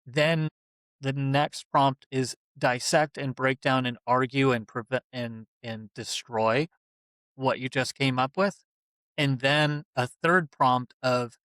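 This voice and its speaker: Male podcast host, mid-pitched, measured and thoughtful, dry close-mic sound. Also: a bit bright, clean tone, no echo. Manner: measured, explains with frequent "uh" fillers. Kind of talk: interview questions.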